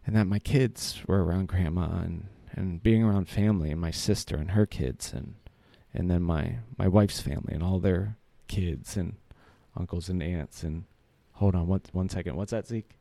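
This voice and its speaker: A man's voice: low voice, normal speed, creaky, few pauses, dark tone, no echo. A man in his thirties telling a personal story in a casual, earnest way, rambling with many fillers and restarts.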